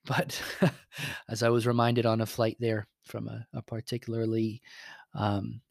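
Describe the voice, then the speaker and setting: A man's voice: on the low side, completely flat delivery, measured pace, creaky, dry recording, studio quality. A young man, a priest and school chaplain, giving a chatty spoken update full of ums and little asides.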